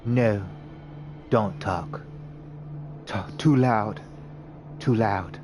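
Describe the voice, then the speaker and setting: A man's voice: fairly low pitch, over music. A man doing a dazed, stammering young woman. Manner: halting, stammering, soft.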